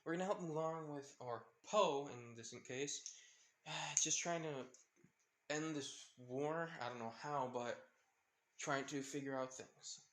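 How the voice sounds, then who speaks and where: A man's voice: on the high side, takes it slowly, a bit bright, reverberant. A man reading a friendly teen boy hero. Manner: casual, hesitant with fillers.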